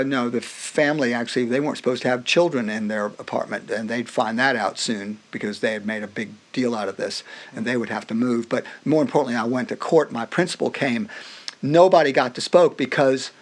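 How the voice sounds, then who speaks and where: A middle-aged man of middling pitch tells stories from his own life as a podcast guest. His voice rises and falls freely as he acts out what others said, and he often breaks off and restarts his sentences. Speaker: podcast guest, music professor. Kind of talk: personal storytelling in a conversation.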